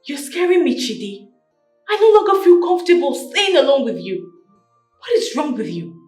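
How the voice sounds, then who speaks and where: A high, distressed young queen pleads and argues in an echoey room with faint music under her. A woman plays her in a film drama, her voice pressing and defiant. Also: very animated, normal speed, a little mellow. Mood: angry defiant. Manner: tearful, pleading, then sharply angry. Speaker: widowed queen. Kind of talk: Nollywood film acting.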